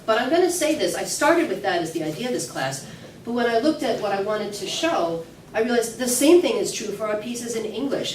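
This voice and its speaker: A woman leads a singing workshop in a classroom at an early music event, chatty and full of fillers and restarts. Her medium-pitched voice is expressive and brisk, captured by a distant, echoey room mic with background noise.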